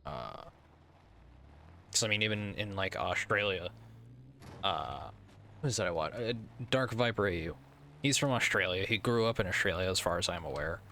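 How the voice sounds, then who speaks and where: Bright-voiced chatty American man. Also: sits low, lively intonation, moderate pace, pauses often, slight background noise. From United States. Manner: rambling, chatty, thinking aloud. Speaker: streamer. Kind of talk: casual gaming stream commentary.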